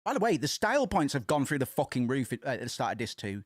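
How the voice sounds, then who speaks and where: Excitable guy streaming a game. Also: mid-range voice, fast, dry recording, clean studio sound. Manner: excitable, swears, frequent restarts. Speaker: streamer playing through a game. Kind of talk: casual let's-play commentary. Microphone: desk microphone.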